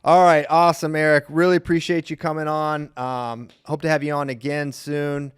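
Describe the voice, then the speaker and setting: A man's voice: a little high, flat delivery, moderate pace, clear, resonant tone. A man hosting a casual podcast, upbeat and joking as he runs the show. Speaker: podcast host.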